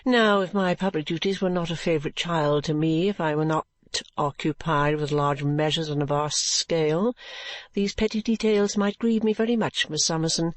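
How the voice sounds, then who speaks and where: A woman voicing a calm, complacent middle-aged mother who brushes off her daughter while she works. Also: on the low side, moderate pace, no echo. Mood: serene dismissive.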